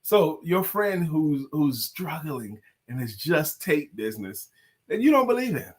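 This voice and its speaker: A man's voice: a little high, very animated, measured pace, slightly rough. A man co-hosting a casual talk show, playful and teasing, who laughs often and sings bits of songs. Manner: sings lines of a song. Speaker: co-host. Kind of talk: casual chat.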